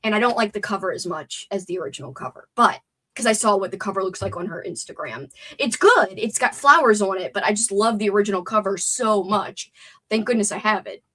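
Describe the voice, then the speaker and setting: A woman's voice: mid-range voice, animated, fairly quick, a bit bright. A young adult woman with a stuffed-up nose, hosting a chatty, wordy livestream and reading out chat comments. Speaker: livestream host.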